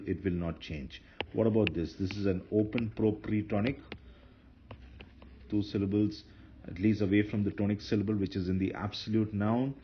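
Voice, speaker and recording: Male teacher, low voice, patient lecturing tone, muffled recording with light background noise. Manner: patient, repeats and corrects himself. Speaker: Hebrew grammar teacher. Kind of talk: lecture explaining grammar.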